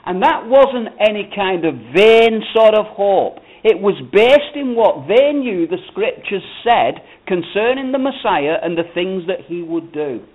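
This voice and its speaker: A man's voice: high-pitched, animated, unhurried, hardly any pauses. A man preaching a sermon with emphatic, rising and falling cadence. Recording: phone-like narrow band.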